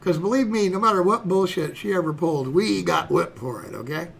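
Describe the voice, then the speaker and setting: A man's voice: high voice, a little fast, creaky, a bit bright, slight background noise. A man in his sixties, a streamer telling a personal story in a rambling, folksy way, dropping "you know" and "okay" throughout. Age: 60s.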